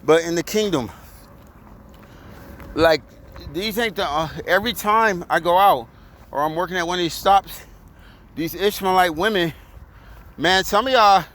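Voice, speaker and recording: A man telling a profane, animated story in a casual rant, recorded outdoors. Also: sits high, unhurried, long pauses. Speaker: vlogger.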